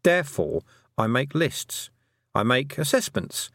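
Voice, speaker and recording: A man voicing a brisk, sharp-tongued woman who is a witch and a teacher, in an audiobook. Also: mid-range voice, very animated, no room sound, studio quality, voice pushed up, exaggerated voice. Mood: emphatic. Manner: brisk, emphatic, lecturing. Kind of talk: audiobook character voice.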